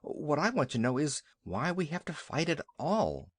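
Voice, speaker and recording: A man's voice: a little high, very animated, unhurried, husky, no room sound, clean studio sound, full character voice. A man voicing a naive young male recruit mule who asks earnest questions.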